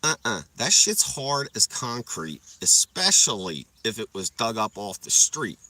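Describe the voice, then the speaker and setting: A young man livestreaming and spinning rambling stories to his viewers, swearing freely and laughing at his own tales. His voice is bright and forceful, and his pitch swings widely. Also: sing-song, a little slow, dry recording. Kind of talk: casual storytelling.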